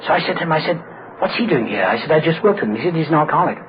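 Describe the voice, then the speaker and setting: A man's voice: on the high side, expressive, very fast. A man telling his recovery story to a meeting with wry humor, often acting out other people's voices. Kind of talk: humorous personal story told to an audience. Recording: muffled recording with loud background noise.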